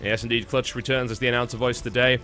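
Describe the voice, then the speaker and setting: A man commentating a live esports match with a bright, forceful voice. He talks in a wry, chatty way. Faint music plays underneath. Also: medium pitch, flat delivery, fast. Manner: wry, talkative play-by-play. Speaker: esports caster.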